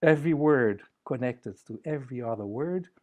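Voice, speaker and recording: A man's voice: medium pitch, expressive, moderate pace. A man giving a conference talk with vocal exercises, speaking playfully and slipping into lilting, sung syllables. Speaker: workshop presenter.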